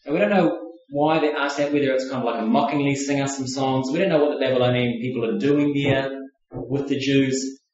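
Male preacher, mid-pitched, thoughtful, chatty teaching sermon; distant mic in a very echoey room. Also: fairly quick, darkish tone, highs cut off. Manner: reflective, conversational, with frequent hedging fillers.

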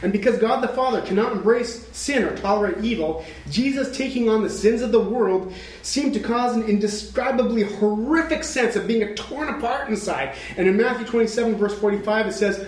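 Dramatic high-voiced male preacher, echoey room. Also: a little fast. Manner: dramatic, swings from hushed to shouting. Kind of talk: sermon.

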